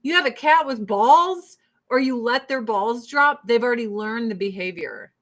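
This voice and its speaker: A woman's voice: a little high, lively intonation, normal speed, a bit bright. A woman hosting a casual livestream chat with her online audience, blunt and profane, who breaks off to coo baby talk at her pets.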